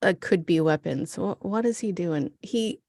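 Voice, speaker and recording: A woman in her thirties co-hosting a podcast, chatty and quick to jump in while recapping a TV episode. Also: on the low side, creaky, a little mellow, dry recording, clean studio sound. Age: 30s. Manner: chatty, reactive, quick to interject. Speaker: podcast co-host. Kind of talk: casual episode recap chat.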